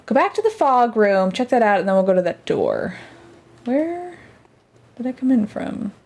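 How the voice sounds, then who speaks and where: A woman's voice: on the high side, wildly swooping pitch, normal speed, darkish tone, breathy edge. A woman streamer chatting casually and reacting aloud as she plays a game. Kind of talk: casual let's-play commentary.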